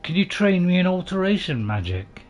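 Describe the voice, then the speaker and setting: Over background music on a lo-fi recording, a man with a high-pitched, very animated voice comments on gameplay at normal speed. He runs a gaming channel and keeps things chatty and self-deprecating, with dry jokes, frequent fillers, restarts and hesitation.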